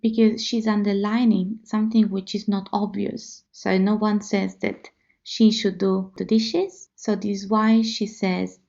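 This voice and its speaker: A woman with an Italian accent teaching a language lesson, repeating phrases slowly and carefully for learners. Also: mid-range voice, level tone, vocal fry, darkish tone. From Italy. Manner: slow, careful repetition for learners. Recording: slightly dull lo-fi audio.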